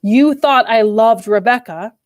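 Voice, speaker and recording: A woman's voice: on the high side, a little slow, no echo, close to an everyday voice. A woman voicing a brooding, tormented older husband, speaking with bitter intensity in a dry, close reading.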